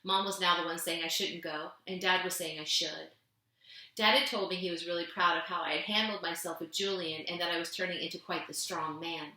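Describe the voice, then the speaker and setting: A woman reading a children's novel aloud, gently narrating and lifting her voice for the characters. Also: fairly even intonation, brisk. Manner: gentle storytelling, voicing characters with raised pitch. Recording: echoey room.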